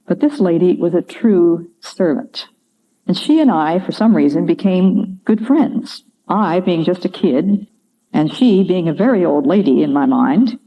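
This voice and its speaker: A woman's voice: lowish voice, warm tone. Older woman telling a devotional story. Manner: measured, earnest storytelling. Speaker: Christian speaker. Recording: dull lo-fi recording.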